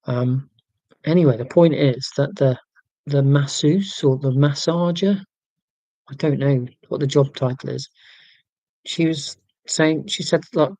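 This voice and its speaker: Forties male livestream host, warm and relaxed, casual meandering chat with viewers, wry asides. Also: mid-range voice, measured pace, pauses often, no room sound. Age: 40s. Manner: rambling, wry and self-mocking, with many fillers and restarts.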